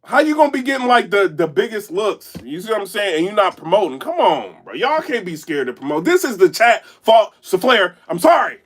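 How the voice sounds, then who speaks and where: Animated high-voiced man commentating. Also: brisk, hardly any pauses, slight background noise. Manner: animated, rambling, keeps asking "you know what I'm saying". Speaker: battle rap commentator and blogger. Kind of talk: casual live-stream commentary to chat. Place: indoor room.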